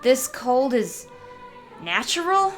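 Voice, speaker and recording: A woman's voice: a little high, normal speed, soft background music, close to an everyday voice. A woman voicing a polite, unsure young bard man from the south who speaks hesitantly.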